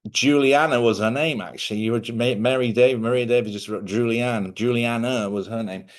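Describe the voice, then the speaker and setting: A middle-aged man hosts a casual spiritual talk for his viewers, speaking at an ordinary pitch. He rambles in a chatty way, corrects himself mid-sentence and often laughs. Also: fairly even intonation, fairly quick. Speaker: host.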